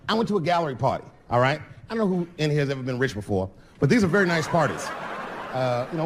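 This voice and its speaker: A middle-aged male comedian telling a long story on a big stage, his pitch leaping all over the place. He runs a little high for a man and drops from hushed asides into sudden loud outbursts. The live hall rings with a long reverb, and a steady crowd hum sits underneath. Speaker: stand-up comedian. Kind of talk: stand-up storytelling. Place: large theater stage. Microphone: stage microphone. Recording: reverberant live theater recording.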